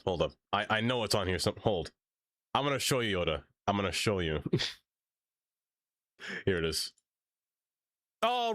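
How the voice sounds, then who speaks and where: A man's voice: lowish voice, a bit bright, no room sound, clean studio sound. A man live-streaming, chatting casually with his viewers and pets, laughing often and rambling. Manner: giggly, rambling, talks to chat and pets.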